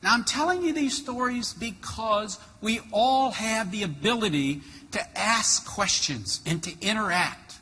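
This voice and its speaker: A man giving a motivational keynote, telling a story in an animated, punchy way. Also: high-pitched, a little slow. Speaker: motivational speaker. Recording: hall reverb, faint noise.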